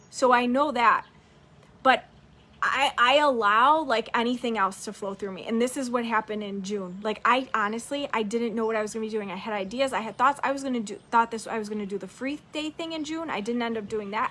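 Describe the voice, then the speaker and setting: A woman's voice: a little high, fast talker, bright, forceful tone. A woman business coach giving a casual, upbeat motivational talk, swearing freely and talking straight to her listeners.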